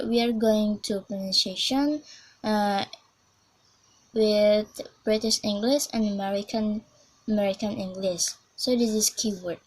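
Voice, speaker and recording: A young woman from Indonesia, a student presenter, leading a pronunciation drill in simple English and repeating each keyword twice with pauses. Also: mid-range voice, a little mellow, rough recording. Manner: simple non-native English with fillers.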